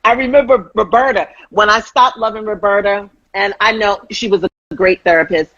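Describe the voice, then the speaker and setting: Husky woman telling lively stories. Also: lowish voice, no room sound, highs cut off. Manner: animated storyteller, acts out quotes. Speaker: host. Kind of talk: casual chat.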